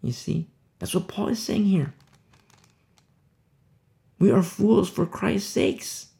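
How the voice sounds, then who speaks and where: A man preaching a sermon, firing rhetorical questions and swinging between loud, emphatic lines and hushed ones. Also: sits high, expressive, takes it slowly, vocal fry.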